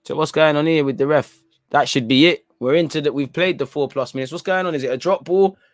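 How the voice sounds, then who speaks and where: A young man hosting a live football watchalong, talking in an animated, slangy, opinionated way. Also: on the high side, quick pace, no room sound, studio quality. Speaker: football channel host. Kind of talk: live match watchalong commentary.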